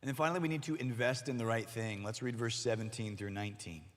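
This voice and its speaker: A man preaching a sermon to middle schoolers as their youth pastor, animated and acting out the voices he quotes. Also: mid-range voice, fast talker. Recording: long hall reverb.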